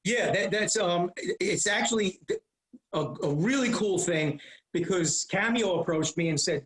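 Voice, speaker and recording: A man in his fifties, a comedian guest telling rambling, animated stories in a casual interview. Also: sits high, normal speed, roomy sound, low-quality recording.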